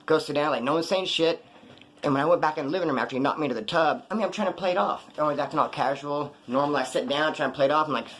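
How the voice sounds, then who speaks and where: A man telling a story in a casual monologue, streetwise and profane, animated as he talks. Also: fairly high pitch, rapid-fire.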